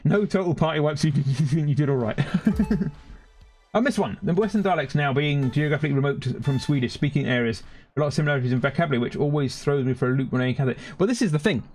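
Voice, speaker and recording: This game streamer from Britain speaks with a London accent in a fairly high, slightly mellow voice that races along. Faint music sits behind him as he plays live and chats casually, wandering between subjects.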